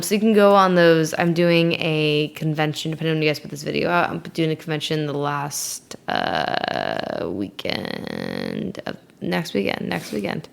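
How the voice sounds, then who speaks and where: Low-voiced woman with vocal fry. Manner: rambling, filler-heavy, giggly. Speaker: interview guest. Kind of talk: casual chat.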